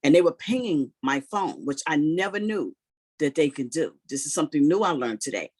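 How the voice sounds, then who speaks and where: Husky-voiced man telling a story. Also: on the high side, a little fast. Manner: animated retelling, heavy use of "you know" and "like". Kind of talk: casual personal storytelling.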